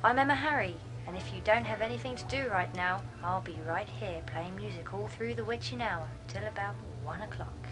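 A cheerful late-night radio DJ voiced by a woman chats warmly to her listeners in easy, friendly patter. Music plays clearly under her voice, as in a game's radio broadcast. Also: medium pitch, brisk, hardly any pauses, natural voice, poor audio. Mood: chatty. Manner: chatty, friendly on-air patter. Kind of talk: radio play acting.

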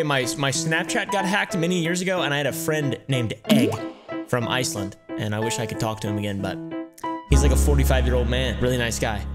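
A man in his twenties who swears a lot and reacts with loud exclamations in casual commentary as a YouTuber. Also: mid-range voice. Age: 20s.

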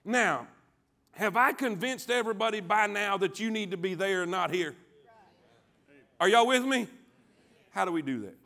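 A man preaching a sermon as pastor, calling on the congregation to answer back and swinging from quiet, low lines to loud ones. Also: animated, moderate pace, creaky, long pauses. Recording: church sanctuary.

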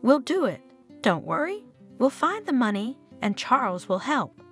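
A woman's voice: a little high, very animated, unhurried, a bit bright, slightly rough, soft background music, full character voice. A woman voicing a loving, worried middle-aged mother in an audio story, tender and reassuring. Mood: resolute. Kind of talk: storybook narration.

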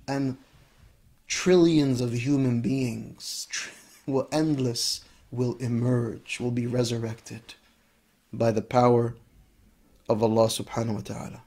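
Give me a man teaching a reflective religious lesson, expressive and emphatic, with soft hushed moments. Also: mid-range voice. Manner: expressive, shifts between brisk Arabic recitation and slow, emphatic English; drops to a soft, hushed voice at key points. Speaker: Islamic scholar teaching.

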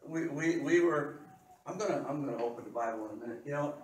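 A male pastor preaches with a fairly high voice, swinging from quiet asides to loud, excited bursts as he tells his stories. He stumbles over and repeats words while talking. The sound carries the echo of a church hall and comes from some distance away. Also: fast talker, a little hiss or hum. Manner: animated, repeats words, laughs often. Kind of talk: sermon with storytelling.

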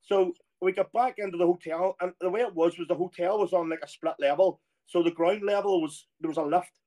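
A middle-aged man with an Irish accent and a fairly high voice for a man, spinning a lively anecdote. He talks casually and throws himself into the quoted voices as the story rolls on. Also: a little fast. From Ireland. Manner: animated storyteller who acts out quoted voices. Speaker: former footballer guest.

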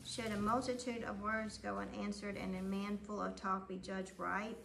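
Woman reading scripture to the class, bit of fry, echoey room, faint hiss. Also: mid-range voice, level tone, moderate pace, fairly bright tone. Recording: echoey room, distant mic.

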